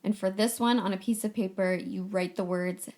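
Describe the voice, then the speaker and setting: A woman hosts a laid-back solo podcast with a breezy, playful way of talking. She stays chatty and upbeat and drops casual swear words as she goes. Her pitch sits in an ordinary middle range. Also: steady tone, moderate pace, darkish tone. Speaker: podcast host.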